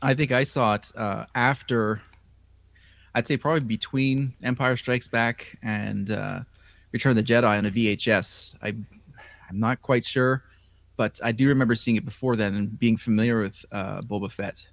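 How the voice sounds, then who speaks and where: A man in a casual chat, speaking in a hesitant, halting way. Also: medium pitch, fairly even intonation, gravelly, fairly bright tone, dry recording.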